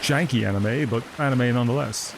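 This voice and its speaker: Gravelly sardonic male streamer. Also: medium pitch, a little fast. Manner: sardonic, profane, chatty. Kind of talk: live gameplay commentary. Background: game music.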